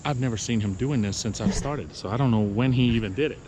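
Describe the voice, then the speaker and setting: A man's voice: mid-range voice, fast talker. A man who runs a lawn care business, talking to viewers in a casual outdoor vlog, exasperated and repeating himself. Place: outdoors at a mowing job. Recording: outdoor noise with crickets.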